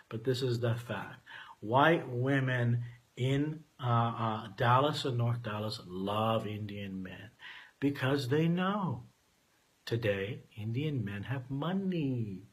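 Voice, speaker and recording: A man in his forties telling a candid personal story, emphatic and profane, swinging between loud outbursts and quiet asides. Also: medium pitch, husky. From Canada.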